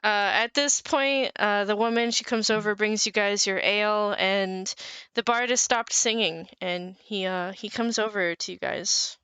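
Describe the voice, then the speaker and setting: A woman runs a tabletop game, describing scenes in a casual, halting way with plenty of fillers. Her voice is smooth and clear. The sound is dry and close. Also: medium pitch, bright, forceful tone, dry recording. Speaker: game master.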